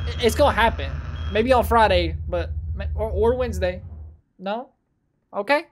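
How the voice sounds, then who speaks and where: A man's voice: sits high, normal speed, a little hiss or hum. A young man hosting a horror game let's play, muttering nervously, swearing and repeating the same phrases over and over. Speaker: gaming channel host.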